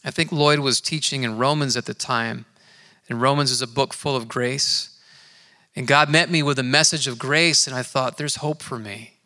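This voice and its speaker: A man preaching a sermon in a church, telling his own story in an earnest, conversational way and slowing down to stress key words. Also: medium pitch, steady tone, sharp tone. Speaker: pastor. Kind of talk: sermon with personal testimony. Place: church sanctuary. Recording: long hall reverb.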